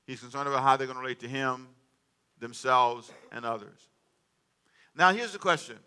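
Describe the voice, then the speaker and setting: A man's voice: medium pitch, lively intonation, moderate pace, pushed and bright, smooth. A middle-aged man preaching a sermon as pastor, calling on the congregation to read along and answer back. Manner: call-and-response preaching, asks congregation to read aloud.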